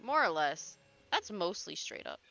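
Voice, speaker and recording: A woman's voice: fairly low pitch, big pitch swings, measured pace, vocal fry, pushed and bright, soft background music. A woman streaming a video game, chatting casually and joking at her own expense, with the odd swear.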